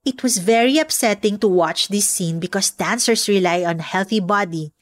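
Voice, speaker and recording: A woman's voice: mid-range voice, moderate pace, no room sound, studio quality. A woman hosting a podcast, explaining language points in a friendly, scripted way. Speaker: podcast host.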